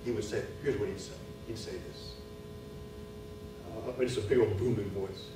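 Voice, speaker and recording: A middle-aged man giving a sermon at a men's retreat, telling a personal story and building to loud preaching. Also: on the low side, fairly even intonation, moderate pace. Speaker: retreat speaker. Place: church retreat hall. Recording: echoey hall, far from mic, music behind.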